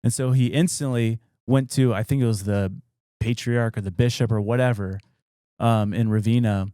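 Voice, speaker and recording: A man's voice: medium pitch, steady tone, normal speed, mellow, smooth, dry recording, clean studio sound. A young adult man, a podcast co-host, casually retelling a spooky old story with loose fillers and quoted dialogue.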